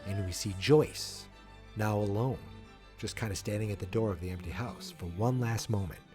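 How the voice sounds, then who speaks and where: A man with a fairly low voice hosts a podcast and retells an episode scene by scene. He talks casually and gets animated and wondering as the story builds. Music plays clearly behind him. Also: normal speed. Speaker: podcast host.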